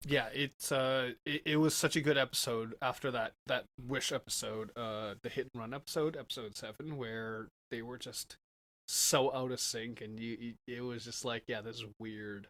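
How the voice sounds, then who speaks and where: A man's voice: medium pitch, steady tone, normal speed, a bit bright. A man with an ordinary mid-range voice chats casually on a podcast. He talks in an agreeable way, backs up his partner with short replies and restarts his sentences as he thinks. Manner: agreeable, frequent "mm-hmm" backchannels, hesitant restarts. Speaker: podcast co-host. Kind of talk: casual chat.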